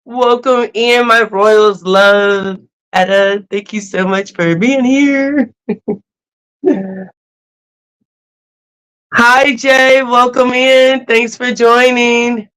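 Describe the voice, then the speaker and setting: A host chatting casually on a livestream, greeting viewers and telling stories in an animated, laughing way. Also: medium pitch, drawn-out words, long pauses, clean tone, rough recording. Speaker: cruise channel host.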